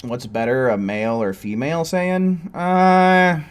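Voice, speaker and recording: A gaming streamer with a mid-range, expressive voice talks slowly as he plays a video game. His commentary is casual, chatty and rambling, broken now and then by outbursts of swearing.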